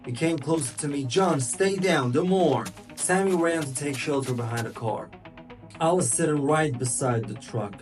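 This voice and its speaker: Male storyteller, tense first-person crime narration, distant roomy sound with music underneath. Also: medium pitch.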